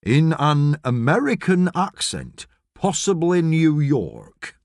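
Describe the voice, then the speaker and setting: A man playing a slow, officious police constable. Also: fairly high pitch, huge pitch swings, no room sound, clean studio sound, voice pushed up, heavily acted. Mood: formal, measured. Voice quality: measured, deliberate, officious. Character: stolid middle-aged male police constable.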